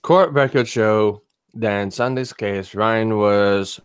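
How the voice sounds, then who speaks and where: A man co-hosting a casual chat, reading a news story aloud in a steady way with dry asides. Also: fairly low pitch, takes it slowly, clear, resonant tone, dry recording.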